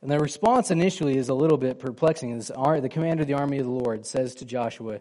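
A man's voice: medium pitch, fast, hardly any pauses, mellow. A man preaching a sermon in a conversational way, asking his listeners questions and acting out the lines of the people in his story. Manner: conversational, asks the congregation questions, acts out quoted lines. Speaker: pastor.

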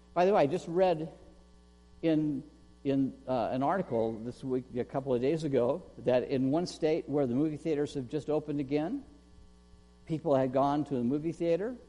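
A male pastor preaching a sermon, asking the congregation questions and loudly acting out the words of the people in his story. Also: fairly high pitch, big-room sound. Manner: animated preaching, asks the audience questions, acts out quotes loudly.

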